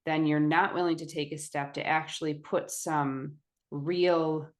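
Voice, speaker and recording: A woman co-hosting a podcast in casual conversation, reflective and measured. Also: deep voice. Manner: reflective, measured, affirming with short "mm-hmm"s. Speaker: podcast co-host.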